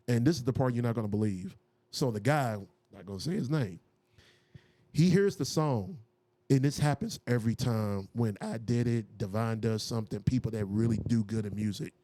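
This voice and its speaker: A man, a music producer and DJ, telling stories casually in an interview, acting out what people said. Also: no room sound. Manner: animated, acts out quotes with raised pitch.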